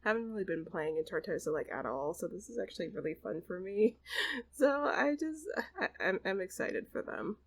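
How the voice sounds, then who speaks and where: A woman's voice: mid-range voice, lively intonation, brisk, poor audio. A woman hosting and casually narrating a life-simulation game story, chatty and full of fillers. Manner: chatty, full of fillers like kinda and you know. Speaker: host and storyteller.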